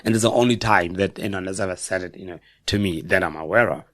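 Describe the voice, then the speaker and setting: A middle-aged South African man with a South African accent, a guest on a podcast, telling personal stories in a reflective, halting way with frequent self-corrections. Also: low voice, a bit bright, no room sound. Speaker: guest author. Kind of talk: personal storytelling in a podcast interview.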